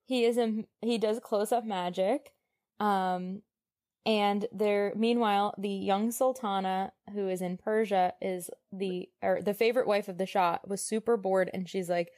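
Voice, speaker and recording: This co-host has a steady, mid-range voice with a slightly mellow quality. She alternates between reading novel passages and casual banter, joking, laughing often, and pausing on fillers.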